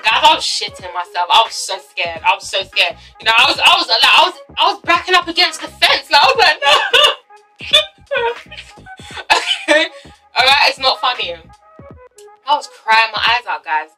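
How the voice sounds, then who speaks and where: A young woman from Ghana tells a childhood story straight to her viewers, loud with feeling and full of swearing. Her voice sits high and sounds very bright. Soft music plays faintly under her. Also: moderate pace, low-quality recording. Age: young adult. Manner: animated, swearing, addresses viewers as guys. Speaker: vlogger. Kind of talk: storytime vlog.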